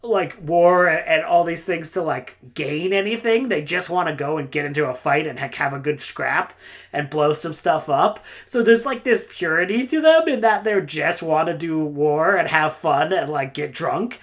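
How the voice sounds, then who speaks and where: A woman's voice: deep voice, normal speed. A woman reviewing books in a casual, rambling monologue, enthusiastic and full of "like" and "uh". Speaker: book reviewer.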